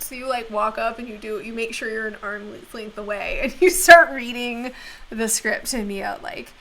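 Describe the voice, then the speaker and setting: Lady gm telling the scene, kinda high bright voice, keeps cracking up. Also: normal speed, slight background noise. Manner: animated storyteller who laughs often. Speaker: game master. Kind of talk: narrating a tabletop game.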